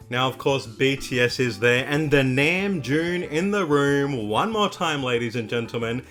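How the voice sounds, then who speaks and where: An upbeat young man talks through a K-pop reaction in a casual, gushing way, peppering his sentences with "like". His voice sits at an ordinary middle pitch. Faint music plays underneath. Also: animated, unhurried, hardly any pauses, a bit bright. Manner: gushing, upbeat, heavy use of "like". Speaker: K-pop reaction video host.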